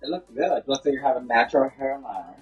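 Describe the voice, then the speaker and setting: An off-camera man reads viewer comments in a dry, offhand way. His voice is a bit husky and comes through thin and tinny, like a phone line, with faint music behind. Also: medium pitch, lively intonation, quick pace. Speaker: off-camera helper reading comments.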